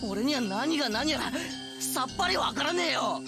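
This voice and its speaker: A man's voice: extremely high pitch, expressive, fast talker, creaky, full character voice. A man voicing a panicked teenage boy in an anime game, agitated and defensive. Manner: agitated, shouting denials. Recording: game audio over background music.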